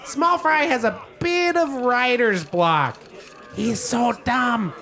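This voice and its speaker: A man doing a high gushing gnome barkeep. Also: gravelly, pushed and bright, exaggerated voice. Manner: gushing, rapid, high-pitched. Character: excitable male gnome bar owner.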